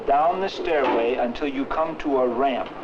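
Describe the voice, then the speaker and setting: Brief: a man as a patient airport clerk, mid-pitched, on a hissy, muffled old film soundtrack. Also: lightly acted. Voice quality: patient, slow explaining. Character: helpful male airport clerk. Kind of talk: scripted dialogue in an old educational film.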